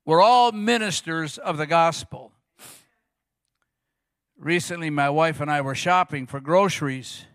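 A middle-aged male pastor preaching a sermon, telling stories with animated quoted voices. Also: fairly high pitch, measured pace, long pauses, clear, resonant tone, no echo, studio quality. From Arizona.

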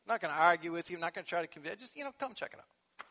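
A male pastor preaching a sermon, animated, swinging from soft conversational asides to loud emphatic peaks. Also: fairly high pitch, racing. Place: church sanctuary. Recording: long echo of a large hall.

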